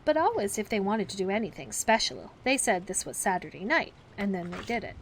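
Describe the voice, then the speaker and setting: A woman reading a children's classic aloud as a gentle bedtime story, taking on the characters' voices. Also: big pitch swings, fairly quick, a little hiss or hum. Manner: acts the characters with raised pitch for the children's outbursts.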